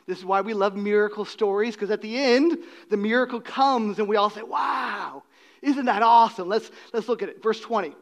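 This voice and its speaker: A man preaching a sermon, swinging between loud, emphatic lines and hushed, quiet drops. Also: high voice, a little fast, few pauses. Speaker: pastor.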